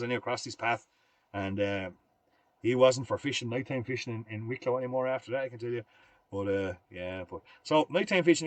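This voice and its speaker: A man's voice: lowish voice, no room sound. A middle-aged Irish man demonstrating fly tying on a livestream, chatting in a rambling, folksy way between steps.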